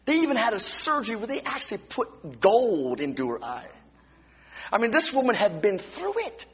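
Male preacher, husky high voice, dramatic sermon delivery, recorded dull in a reverberant church. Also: big pitch swings, normal speed. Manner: dramatic, swings from hushed whispers to loud exclamations. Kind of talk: sermon with storytelling. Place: church sanctuary.

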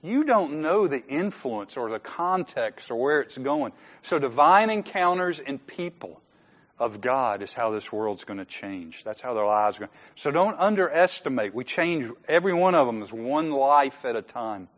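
A man's voice: mid-range voice, big pitch swings, moderate pace, fairly bright tone, long reverb tail, highs cut off. A man preaching as pastor, conversational and joking, laughing often in a church sanctuary. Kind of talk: sermon.

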